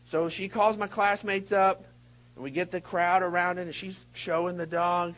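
A high-voiced man preaching to a congregation, animated and full of sudden leaps between loud, shouted moments and hushed, wry asides. His voice sits well above the usual male range, and he keeps the room with a storyteller's rhythm. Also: normal speed, low-quality recording. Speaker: pastor. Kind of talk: sermon. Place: church hall before a congregation.

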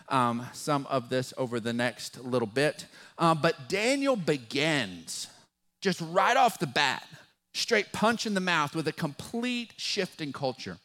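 A man's voice: on the high side, fairly bright tone. Conversational male pastor preaching. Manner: conversational, engages congregation with questions. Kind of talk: sermon.

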